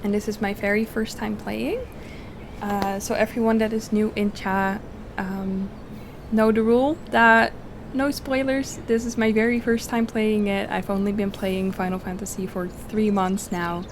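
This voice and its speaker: Gravelly-voiced woman streaming a game. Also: medium pitch, steady tone, measured pace, background noise. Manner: chatty, laughs easily, reads game lines aloud. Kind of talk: casual gameplay commentary. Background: game music.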